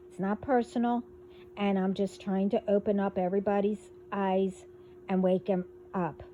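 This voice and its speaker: A woman hosting a casual spiritual monologue, talking in a rambling, halting way as she delivers warnings. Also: medium pitch, completely flat delivery, mellow, slight background noise. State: hiccups. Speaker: spiritual video host.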